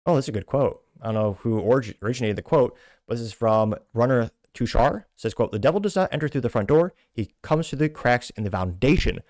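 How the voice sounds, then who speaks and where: Fast-talking man reading comments aloud. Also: medium pitch, expressive, a little mellow, no room sound, studio quality. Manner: fast, self-correcting, wry asides. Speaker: podcast host.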